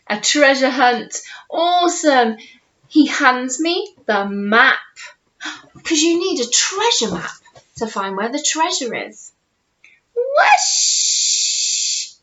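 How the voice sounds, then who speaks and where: Playful teacher reading to little kids, high animated voice, roomy muffled home recording. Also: female voice. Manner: lively, playful, asks the young listeners questions. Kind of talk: children's story reading. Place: home with a conservatory.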